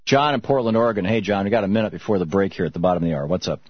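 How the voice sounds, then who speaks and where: Middle-aged male talk-radio host, low and husky, dull dry broadcast audio. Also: no echo. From Michigan, US. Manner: reflective storytelling, halting with restarts.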